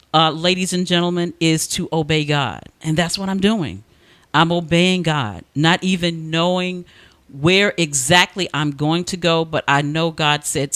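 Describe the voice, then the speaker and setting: A man's voice: fairly high pitch, fairly bright tone, smooth, no room sound. A man hosting a talk radio show, speaking in an earnest, heartfelt way with frequent restarts.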